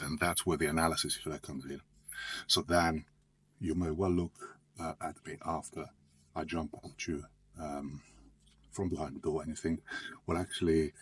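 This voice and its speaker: A man's voice: low-pitched, slightly rough. A male therapist giving an explanatory talk in a conversational way, with loose phrasing and frequent asides.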